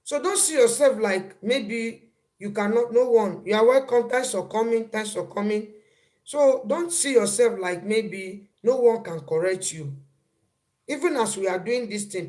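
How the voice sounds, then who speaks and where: A woman's voice: mid-range voice, a little slow, darkish tone. A woman hosting a casual live stream, repeating phrases and breaking off to greet viewers as they arrive.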